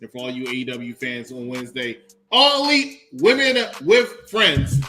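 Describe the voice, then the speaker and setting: A man's voice: medium pitch, normal speed, pushed and bright, faint music behind. A man hosting a casual wrestling podcast, wrapping up with sign-off announcements. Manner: wraps up the show with sign-off announcements. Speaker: podcast host.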